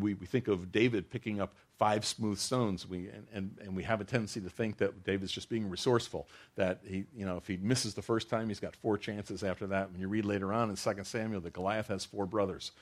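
A man's voice: fairly low pitch, fairly even intonation, a little fast. A man preaching a sermon as a pastor, earnest, often restarting his phrases and rising into emphatic bursts.

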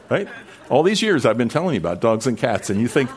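A man's voice: medium pitch, big pitch swings, fast talker. A male pastor preaching a sermon, rambling and conversational at times and building to emphatic, raised delivery at others.

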